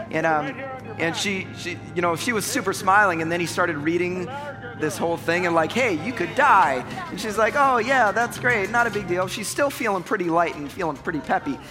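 A man preaching a sermon as pastor, energetic and conversational, talking straight to the congregation. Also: a little high, in a large hall.

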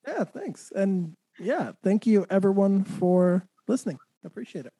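A man's voice: sits high, expressive, normal speed, creaky, warm tone, breathy edge, rough recording. A man hosting a podcast, chatting and telling a story in an easygoing way with small stammering restarts. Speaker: podcast host. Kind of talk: casual chat.

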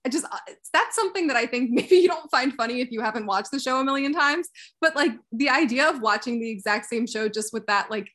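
A woman's voice: a little high, lively intonation, fast talker, a bit bright. A young woman co-hosting a casual podcast chat, rambling and restarting her sentences, often laughing. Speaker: podcast co-host.

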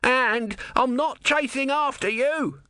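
A man's voice: high-pitched, very animated, slow pace, bright, forceful tone, no room sound, studio quality, voice pushed up, full character voice. A man voicing a small, petulant male tortoise god who whines and screeches indignantly. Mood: shrieking.

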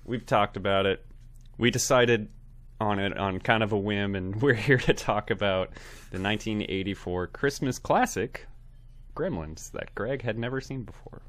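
A man's voice: lowish voice, normal speed, a bit bright. A sick, sniffly man co-hosting a podcast in a laid-back, self-deprecating chat. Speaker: podcast co-host.

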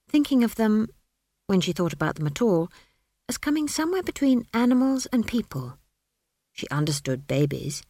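A woman narrating an audiobook in a measured, dry storytelling manner. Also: medium pitch, darkish tone, no echo.

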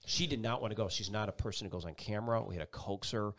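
A middle-aged TV meteorologist, appearing as a guest, tells a personal story with feeling in a fairly low voice at a quick pace. He's animated, acting out the voices of the people in his tale.

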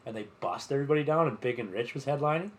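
A man's voice: medium pitch, expressive, racing. A man co-hosting a casual podcast, spinning a rambling festival story. He keeps stumbling over "like" and "uh" and swears freely. His voice sits in the ordinary middle range. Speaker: podcast co-host. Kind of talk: casual chat.

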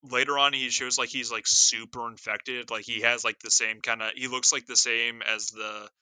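A man's voice: mid-range voice, flat delivery, normal speed, bright, forceful tone, clear, resonant tone, no room sound. A man in casual chat about a movie, wry and joking, stumbling over his restarts.

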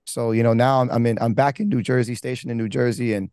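A man's voice: mid-range voice, fairly even intonation, fast talker, a little mellow, smooth, no room sound. A man, a pastor, telling his life story candidly in a rambling, casual way with slang and restarts. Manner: rambling, with many restarts and fillers. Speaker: pastor giving his testimony. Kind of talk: candid personal testimony.

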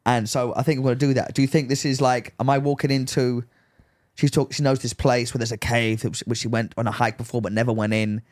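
A man's voice: medium pitch, little pitch movement, quick pace, darkish tone. A man co-hosting a podcast, telling a rambling story in casual chat, full of likes and rights. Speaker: podcast co-host.

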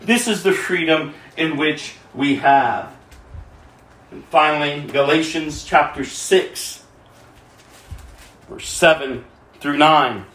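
Pastor, male, high voice, passionate sermon delivery in a roomy hall. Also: takes it slowly, pauses often. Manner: impassioned, swinging between cries and quiet pleading.

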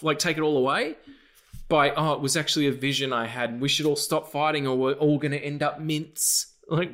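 A man co-hosting a film podcast, chatting casually in a rambling, profane way, breaking into animated rants and silly noises. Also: fairly high pitch, a little fast. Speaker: podcast co-host.

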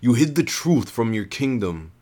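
A man's voice: medium pitch, very animated, normal speed, dark tone, natural voice. A man voicing a scornful male villain. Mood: accusing, angry. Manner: scornful, accusing. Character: cold, contemptuous male villain judging rulers.

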